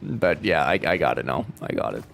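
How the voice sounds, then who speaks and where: A man's voice: a bass voice, animated, fairly quick, creaky, a bit bright, a little hiss or hum. A man streaming a game from home, chatting casually with his viewers and joking with lots of swearing. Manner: joking and profane, talks back to chat. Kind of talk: casual live-stream chat.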